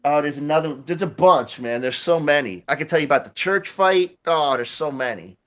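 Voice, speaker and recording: A man's voice: fairly high pitch, animated, brisk, fairly bright tone. A man, telling a rambling, profane story in casual chat, laughing often. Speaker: podcast host.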